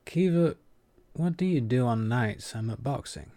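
A man's voice: medium pitch, animated, a little slow, warm tone, no room sound, lightly acted. A man doing wry young Aki. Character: wry young male student, boxer, direct.

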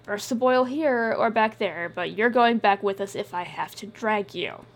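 A woman voicing a blunt, gruff young man who talks in a dry, tired way and swears. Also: mid-range voice, normal speed, close to an everyday voice.

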